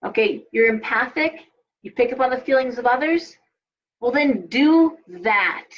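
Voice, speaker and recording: A woman's voice: a little high, a little slow. A woman hosting a casual live stream as a tarot reader, rambling, restarting her sentences and dropping blunt asides. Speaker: tarot reader and show host. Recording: dull lo-fi sound.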